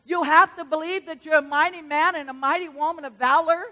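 A woman pastor preaching a sermon in a church, swinging from hushed storytelling to loud exhortation. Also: sits high, steady tone, a little fast. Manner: dramatic swings from hushed to loud, retelling stories. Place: church sanctuary.

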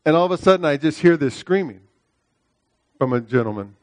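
A man's voice: expressive, a little fast, no room sound. Emphatic preacher man, dry close sound. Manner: emphatic, repeats phrases, asks "right?" often; swings from loud high preaching to quiet storytelling. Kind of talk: sermon with personal storytelling.

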